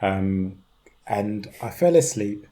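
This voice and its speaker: A young man from East London with a London accent, a podcast guest telling a story in an animated way, laughing often and mimicking the voices of others. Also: on the low side, slow. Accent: London English. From East London, England. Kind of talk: conversational storytelling.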